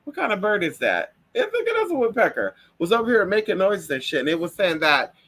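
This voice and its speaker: A man chats with his viewers in a sassy, profane gossip style. His voice sits a little high and comes out bright and sharp. His pitch jumps around lively as he acts out every moment of the story. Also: brisk. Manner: does shrill high voices for birds and people in stories. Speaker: livestream host. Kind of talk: casual gossip chat.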